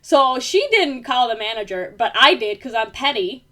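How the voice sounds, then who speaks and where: A young woman talking to her camera in a loose, rambling vlog, leaning on fillers as she vents. Her voice sits a touch high, and she gets heated and emphatic when she rants. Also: animated, moderate pace, sharp tone. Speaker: vlogger. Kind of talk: casual venting monologue.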